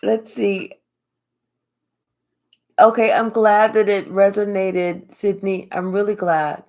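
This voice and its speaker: An older woman hosts a casual live spiritual reading. She speaks slowly and warmly to her viewers and thanks them one by one. Her pace is leisurely and her pitch is mid-range. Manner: slow, relaxed, affectionate, thanks viewers by name. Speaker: spiritual reader hosting a live stream. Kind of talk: casual live-stream chat.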